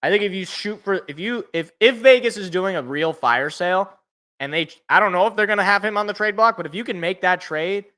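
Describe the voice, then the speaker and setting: Bright-voiced man calling a game as a fan. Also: high voice, a little fast. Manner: rambling, self-correcting, joking asides. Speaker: fan podcast co-host. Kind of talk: fan play-by-play and reaction.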